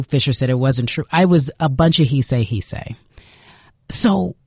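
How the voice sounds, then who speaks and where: A woman's voice: a bass voice, slightly rough, no room sound, clean studio sound. A woman hosting a sports podcast, narrating and introducing her guest with emphasis. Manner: lively, emphatic. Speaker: host.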